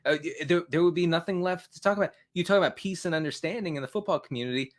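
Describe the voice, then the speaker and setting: A man's voice: on the high side, fast talker. A man co-hosting a casual football chat, delivering his lines with mock drama and laughing along. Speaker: fantasy football analyst co-host.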